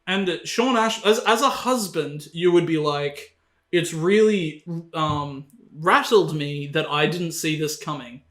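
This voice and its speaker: A man's voice: a little high, expressive, slow, a bit bright. A male podcast co-host in casual comedic movie-review banter, giggly and sarcastic. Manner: giggly, sarcastic, acts out scenes in mock voices. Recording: roomy echoey room.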